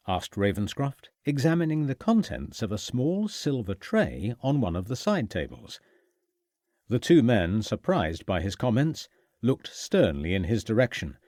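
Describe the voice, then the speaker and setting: A male audiobook narrator telling a period mystery with an animated, lively intonation. His voice sits in an ordinary middle pitch. The recording is dry and close, with no room sound. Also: normal speed, no room sound. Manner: expressive storytelling.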